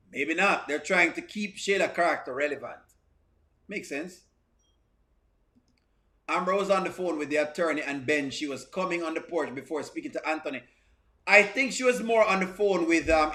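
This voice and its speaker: Male reaction host, high and bright, chatty and repetitive with stammering restarts. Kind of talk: live reaction commentary, reading viewer comments.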